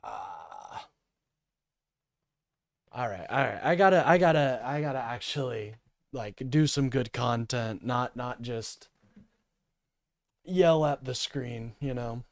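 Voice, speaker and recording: A man's voice: mid-range voice, expressive, unhurried, creaky, dry recording, clean studio sound. A man hosting a livestream, ranting in an agitated, profane way and apologizing often.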